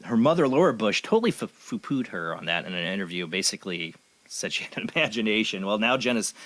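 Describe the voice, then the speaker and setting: A man's voice: lowish voice, a bit bright. A man hosting a paranormal radio show, reading news items aloud and giving blunt, opinionated commentary. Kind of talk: casual chat.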